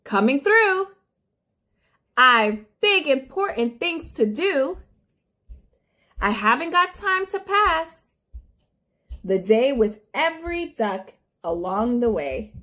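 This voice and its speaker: A woman voicing a pushy, self-important big dump truck in a brisk storybook voice. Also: high voice, very animated, sharp tone, heavily acted. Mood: bossy.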